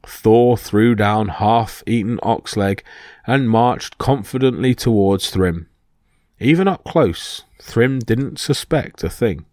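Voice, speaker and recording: A man hosting a podcast, reading a myth as steady scripted storytelling. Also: on the low side, takes it slowly, no room sound, clean studio sound. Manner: steady reading with small slips. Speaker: podcast host and narrator.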